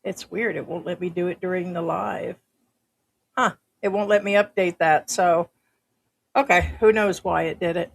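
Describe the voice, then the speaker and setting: Older american lady chatting on her livestream, lowish voice, greets folks in chat. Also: fairly even intonation, normal speed, gravelly, slightly rough. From United States. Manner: chatty, reads out viewer comments. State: uses a breathing machine. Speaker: livestream host.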